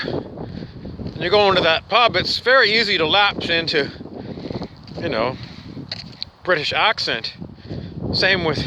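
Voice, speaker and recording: A man with a weak put-on Australian accent, rambling through an improvised comic monologue in mock-guru patter, swearing now and then. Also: high-pitched. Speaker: comic host. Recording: wind-buffeted outdoor mic noise.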